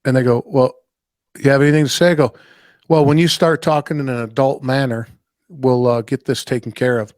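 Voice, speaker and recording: A man's voice: mid-range voice, steady tone, fairly quick, darkish tone, no room sound, studio quality. A man hosting a casual podcast chat, telling anecdotes and acting out what customers said in different voices, and swearing casually. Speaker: podcast host.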